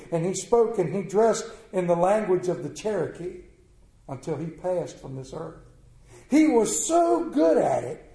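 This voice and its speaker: Folksy middle-aged man, slightly high yet mellow voice, talking with a crowd. Roomy sound. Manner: folksy, conversational, asks the audience questions. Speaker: storyteller. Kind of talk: storytelling talk to an audience. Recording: roomy echo.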